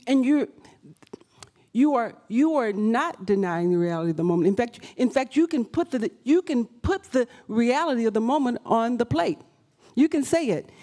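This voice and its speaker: A woman whose voice is a little high and mellow leads a live writing workshop in an event room. She talks emphatically, often repeating and restarting her phrases.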